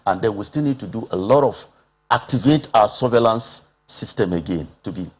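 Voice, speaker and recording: Husky deep-voiced Nigerian man, TV panel. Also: lively intonation, normal speed. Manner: earnest, posing rhetorical questions, frequent "uh" fillers. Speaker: public health expert guest. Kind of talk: TV panel discussion.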